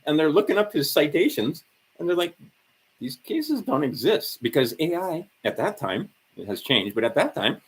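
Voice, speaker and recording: A man's voice: fairly high pitch, sing-song, a little fast, breathy edge. Swearing, sarcastic ranting man. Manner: profane, sarcastic, rambling rant. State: tired. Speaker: livestream host. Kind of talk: ranting livestream monologue.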